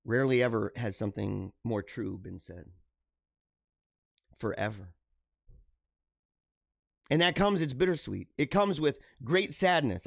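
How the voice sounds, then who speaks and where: A middle-aged man hosting a live show, talking earnestly and haltingly to his viewers, often repeating himself and restarting phrases. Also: medium pitch, expressive, creaky, dry recording, clean studio sound. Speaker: livestream show host. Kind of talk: emotional personal monologue to viewers.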